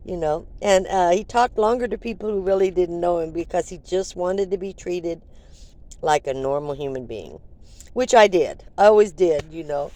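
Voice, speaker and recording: A woman's voice: lowish voice, normal speed, dark tone, a little hiss or hum. An older woman vlogger telling a rambling, chatty story full of fillers. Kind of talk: casual storytelling.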